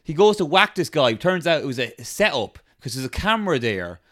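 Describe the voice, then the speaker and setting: A man's voice: a little high, a little fast. A young man casually retelling a story in a chat, rambling and checking in with his listener. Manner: rambling, animated retelling with checks like "all right?".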